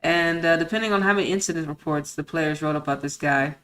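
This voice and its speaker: A woman's voice: sits low, quick pace, fairly bright tone. A woman streamer reads a report aloud and breaks off into blunt, profane, indignant commentary full of rhetorical questions and street slang. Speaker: streamer host.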